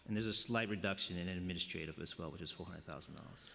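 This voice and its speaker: A man's voice: low voice, quick pace, creaky, a bit bright, a little hiss or hum. A man testifying at a budget hearing, hesitant and hedging, with many fillers. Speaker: city agency official testifying. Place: large council chamber. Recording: long chamber reverb.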